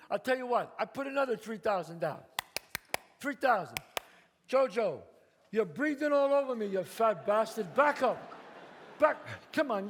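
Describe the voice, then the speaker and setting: A man playing a loud, bossy, profane mob boss in a one-man stage show. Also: high-pitched, a little hiss or hum, full character voice. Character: brash swaggering mob boss man, middle-aged. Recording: live stage, long reverb, faint ambience.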